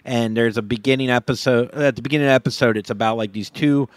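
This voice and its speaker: A man's voice: medium pitch, steady tone, fast, no room sound. A man co-hosting a casual podcast who rambles through stories and laughs often. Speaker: podcast co-host. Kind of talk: casual chat.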